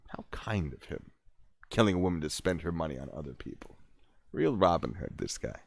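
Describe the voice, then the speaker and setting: A man reads true-crime snippets aloud on his livestream, breaking off to crack sarcastic jokes. His voice sits low but swings widely in pitch. The sound is close and dry, with no room around it. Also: big pitch swings, brisk, creaky, slightly rough, no room sound. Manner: reads out trivia with sarcastic, joking asides. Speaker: streamer reading stories. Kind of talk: casual livestream reading with asides.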